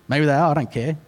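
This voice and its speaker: This pastor, a man with an Australian accent, preaches with an animated storytelling style and self-mocking humorous asides. His voice sits a little high, and the sound carries a long reverb tail.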